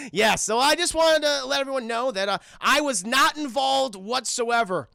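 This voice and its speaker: A man giving a casual, animated scene-by-scene film recap to his live chat, swearing freely and tossing in quick acted-out lines amid plenty of fillers. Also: extremely high pitch, creaky, clean tone. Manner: many fillers and restarts. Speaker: film reviewer streaming live. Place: home streaming setup.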